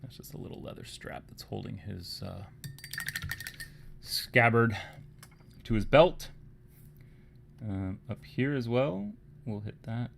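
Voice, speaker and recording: A man's voice: mid-range voice, lively intonation, slow, creaky, long pauses, a little hiss or hum. A man casually talking through a live miniature painting tutorial, thinking aloud and sometimes dropping to a murmur.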